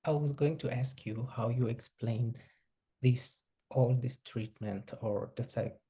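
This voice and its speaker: Hesitant male interviewer, husky and dark. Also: mid-range voice, unhurried. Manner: hesitant, searching for words. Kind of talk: interview questions over video call. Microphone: video call.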